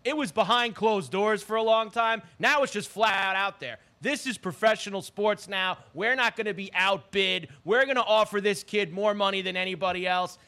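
A man's voice: sits high, moderate pace, few pauses, bright, forceful tone. A man hosting a sports talk show, emphatic and opinionated, repeating phrases for effect.

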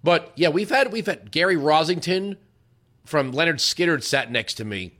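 A man's voice: fairly high pitch, lively intonation, moderate pace, bright, forceful tone. A man hosting a radio talk show, answering listener questions in a casual, rambling storytelling manner. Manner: conversational storytelling with many restarts and asides.

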